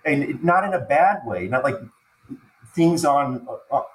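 A man, a podcast guest, telling an emotional personal story in halting speech, stumbling and repeating words when he gets moved. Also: on the high side, lively intonation, a little hiss or hum. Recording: echoey room with faint ambience.

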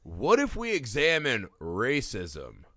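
Male podcast co-host, bright and punchy, casual movie-riffing chat, dry close sound. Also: mid-range voice, takes it slowly, dry recording. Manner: animated, swearing, mocking impressions.

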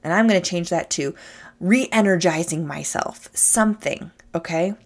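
A woman's voice: fairly low pitch, a little slow. A woman giving a motivational talk, speaking emphatically and addressing listeners directly.

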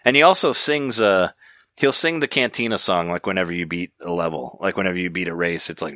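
A man's voice: deep voice, a little fast, bright, forceful tone, no echo, studio quality. A man hosting a podcast, chatting casually in a rambling way, with many restarts and easy laughs. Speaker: podcast host. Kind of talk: casual chat.

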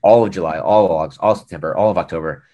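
A man's voice: deep voice, racing, muffled recording. An American man, a former e-commerce director, telling a business story in a casual interview and acting out the dialogue as he goes. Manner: animated storyteller, acts out quoted dialogue.

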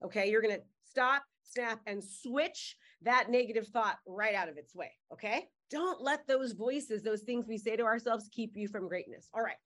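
A middle-aged woman coaching a live webinar on a video call, upbeat and fast-talking, calling out names from the chat. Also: a little high, fairly bright tone. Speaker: marketing coach.

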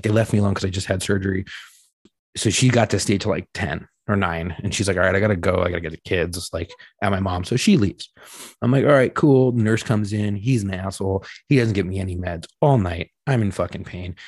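A husky, low-sitting male voice, fairly quick and free of echo, belongs to a podcast co-host recounting a long story. He's animated and profane throughout, mimicking what everyone said.

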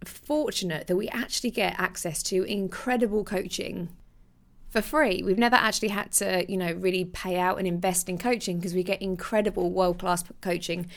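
A young woman hosts her own podcast solo, chatting casually and animatedly, restarting sentences and laughing. Her voice sits on the low side, with fairly even intonation and a moderate pace.

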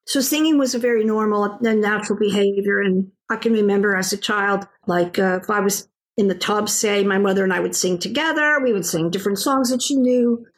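A woman's voice: mid-range voice, brisk. A woman with an American accent, a voice teacher speaking as an interview guest and telling stories in a plain way. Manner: plainspoken storyteller, acts out quoted voices. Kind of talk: casual interview.

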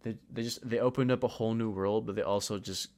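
A man's voice: lowish voice, fairly even intonation, quick pace, a little mellow. A young man co-hosting a podcast in casual chat, laughing often and cursing freely. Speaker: podcast co-host.

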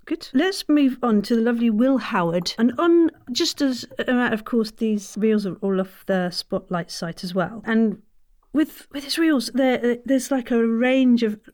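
A woman's voice: on the high side, a little slow, a little mellow. Woman host asking casual questions. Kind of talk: casual interview chat.

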